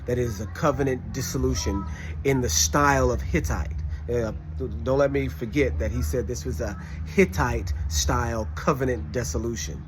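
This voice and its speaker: A man's voice: medium pitch, normal speed, background noise. A man telling a personal story in a casual way, emphatic, often acting out what people said. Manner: animated, emphatic, quotes others in conversation. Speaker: storyteller recounting a classroom experience.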